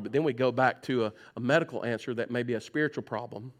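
A man's voice: mid-range voice, fast talker. A man preaching a sermon in a church. He talks conversationally, teases his listeners and acts out their complaints. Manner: conversational preaching, teasing the congregation, mimics voices. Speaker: pastor. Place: church sanctuary.

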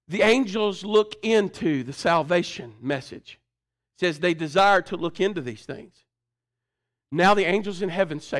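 A man preaching a sermon, dropping to quiet asides and rising to shouts. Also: fairly high pitch, normal speed. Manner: swings between hushed and shouting. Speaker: pastor.

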